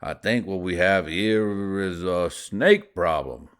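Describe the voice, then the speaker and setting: A man putting on a calm older man who speaks slowly and deliberately. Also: low-pitched, pitched below the performer's own voice. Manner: slow, measured, deliberate. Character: calm older male narrator type, slow.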